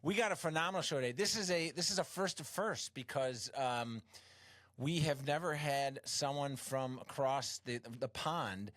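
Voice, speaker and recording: A man's voice: mid-range voice, normal speed, a bit bright, no echo. A male talk-show host with a mid-range voice chats casually, rambling and restarting often and poking fun at himself. The sound is close and dry, with no room around him. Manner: rambling, self-deprecating, many restarts. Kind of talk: casual interview chat.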